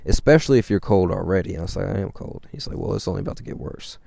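A low, mellow-voiced young man tells a story in a loose, rambling way, with plenty of swearing and filler words. His voice has a gravelly, smooth edge, and the sound is dry and close. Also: expressive, rapid-fire, no room sound. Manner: rambling and profane, with constant fillers. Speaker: vlogger. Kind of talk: casual storytelling.

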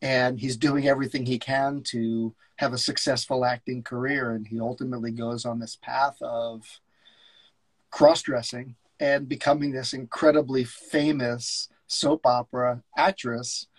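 A man co-hosting a podcast in casual chat, enthusiastic and a little halting. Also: medium pitch, flat delivery, poor audio. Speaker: podcast co-host.

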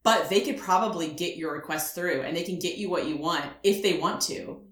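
A lower-pitched woman chatting as a podcast co-host, telling stories with lots of laughter. Her voice sits a bit low, and the recording has a roomy echo. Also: brisk. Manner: animated storyteller, laughs often. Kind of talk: casual chat.

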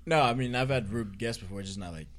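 A man's voice: mid-range voice, fast talker. A man who works as a server, talking in an offhand, easygoing way on a casual podcast.

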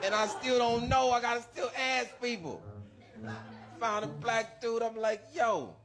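A man telling a comedic story in a casual chat, animated and acting out the other people's lines in different voices. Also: very high-pitched, unhurried, soft background music. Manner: animated, acts out dialogue in voices, laughs mid-story.

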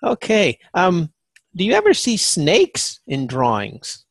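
A man's voice: high-pitched, huge pitch swings, slow, creaky, no room sound. A man hosting a podcast interview who chimes in with brief, encouraging replies. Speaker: podcast host.

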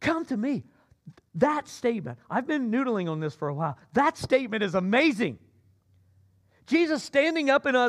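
A man preaching a sermon as pastor, swinging between loud emphatic cries and low asides. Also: sing-song, moderate pace.

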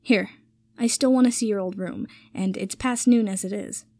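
A woman's voice: medium pitch, normal speed, mellow, no room sound, close to an everyday voice. Woman voicing a casual, sarcastic young man.

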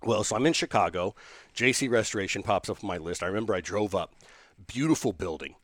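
A man, a business owner telling a lively story in an interview, restarting sentences and acting out the people he quotes. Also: lowish voice, fast talker, no echo, studio quality.

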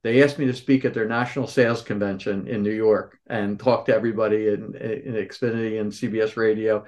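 A store owner in his sixties from the Philadelphia area speaks on the low side and a little fast. As a podcast guest he answers interview questions with animated stories, acting out the voices of the people he quotes.

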